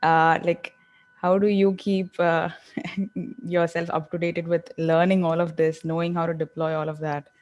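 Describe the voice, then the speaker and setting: A woman's voice: on the low side, level tone, measured pace, darkish tone, muffled recording. A woman in the audience of an online session, asking a curious, casual question.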